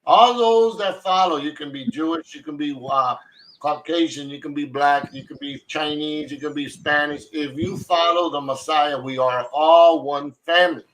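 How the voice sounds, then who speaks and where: A slightly high, fairly bright male voice at normal speed comes through on a rough recording. He hosts a live online Torah study broadcast, leading a casual Bible study discussion with fervent energy and frequently repeating himself.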